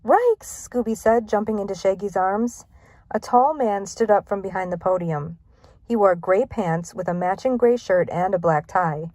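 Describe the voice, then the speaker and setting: Woman storybook reader, mid-pitch, plain and even, dry close mic. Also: normal speed, no room sound. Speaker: narrator. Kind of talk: storybook read-aloud.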